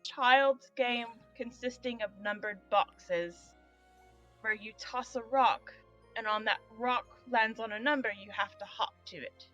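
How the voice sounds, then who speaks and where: A woman's voice: on the high side, measured pace, a bit bright, dull audio, soft background music. A woman voicing an earnest adventurer woman explaining a child's game.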